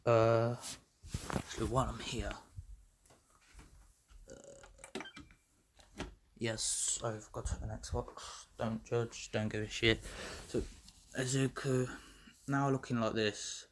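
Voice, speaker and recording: A man's voice: mid-range voice, flat delivery, takes it slowly, pauses often, noisy background. A young man retelling a fan story in a rambling, self-correcting way, swearing freely as he goes. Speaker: vlogger.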